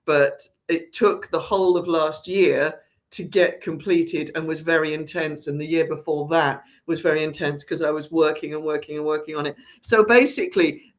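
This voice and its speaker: A woman who runs a theatre company, chatting casually through an announcement with lots of restarts. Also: low-pitched. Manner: chatty, rambling, with frequent restarts. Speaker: artistic director of a theatre company.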